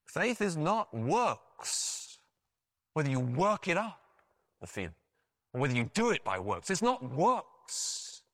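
Brief: male preacher, higher voice, very animated delivery, storytelling sermon. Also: takes it slowly, no room sound, studio quality. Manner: animated storytelling with frequent restarts and "you know".

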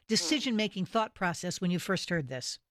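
A woman hosting a radio talk show, interviewing a guest in a measured, articulate way. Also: lowish voice, animated, no room sound. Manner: measured, articulate, quotes literature. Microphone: studio microphone.

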